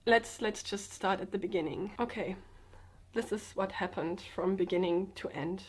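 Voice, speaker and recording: Woman vlogger, sick, subdued and a bit sedated, halting speech, restarts, confessional talk. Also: mid-range voice, husky. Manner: halting, hesitant, with many restarts. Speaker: comedian and vlogger. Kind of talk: personal confessional vlog. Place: indoors, sitting on the floor with pillows.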